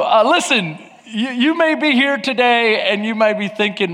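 A man preaching a sermon as pastor. His delivery is loud and lively, then drops to soft, earnest talk, and he repeats words and restarts often. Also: high voice, normal speed, hardly any pauses, long reverb tail, slight background noise. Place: large church.

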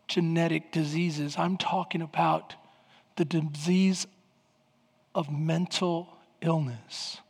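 A man's voice: a little high, husky, in a large hall. A man in his forties preaching a sermon as pastor, calling out to the congregation with rising fervor. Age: 40s.

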